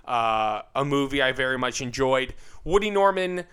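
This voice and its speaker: Bright, clear-voiced joking man. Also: medium pitch, expressive. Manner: joking, teasing, quick asides. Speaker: podcast co-host. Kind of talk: casual film podcast chat.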